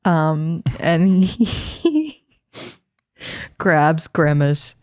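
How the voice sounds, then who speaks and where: A man's voice: on the high side, big pitch swings, extremely slow, a little mellow, no echo, studio quality. A man on a comedy podcast, telling an improvised story with hesitant fillers and laughing between words. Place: podcast studio.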